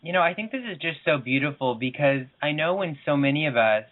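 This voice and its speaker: A man's voice: on the high side, expressive, fairly quick. A man co-hosting a spiritual talk show, who speaks in an earnest, gushing way and asks his guests questions. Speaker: co-host, interviewer. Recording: tinny phone line.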